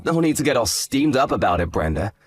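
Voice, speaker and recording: An actor with a brisk, sing-song, mid-range voice plays an arrogant, hungover young fiancé in a dramatized story. He talks down to his partner in a lazy, condescending drawl, sounding dismissive, and the recording has no echo.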